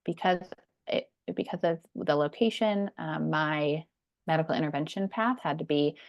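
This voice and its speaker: A woman's voice: low-pitched, normal speed. A woman in her thirties, a podcast guest, telling her personal story in an earnest, emphatic way. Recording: dull lo-fi sound.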